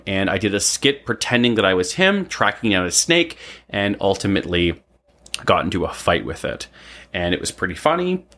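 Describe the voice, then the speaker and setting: Man of about forty with a very low voice. Loose, rambling storyteller who drops frequent "um"s. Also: sharp tone, a little hiss or hum. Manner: rambling, frequent "um" and tag "right?". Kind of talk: casual personal storytelling.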